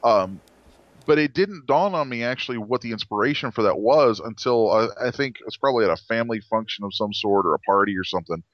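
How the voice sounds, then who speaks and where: A man's voice: fairly low pitch, expressive, fast, no echo, lo-fi sound. A man designer telling stories in a casual interview, rambling with restarts and acted-out quotes.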